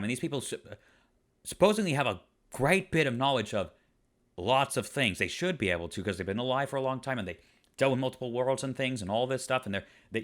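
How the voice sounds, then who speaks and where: A man's voice: mid-range voice, fairly bright tone. A man giving an exasperated review rant, firing off one rhetorical question after another. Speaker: online reviewer. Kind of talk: ranting episode review.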